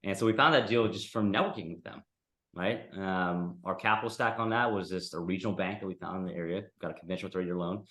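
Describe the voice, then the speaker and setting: Man, lowish voice, casual lecture, chatty, echoey room. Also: fast, a bit bright. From United States. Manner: conversational, lots of "right?" and "like". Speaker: real estate investing instructor.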